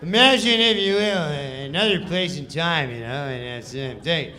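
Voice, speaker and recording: A lazy, unbothered male comedian who drawls and mumbles with a shrug in his voice, as a man puts him on while storytelling. The tone stays bright and loose. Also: fairly high pitch, normal speed. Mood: offhand. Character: laid-back deadpan male comedian, unbothered.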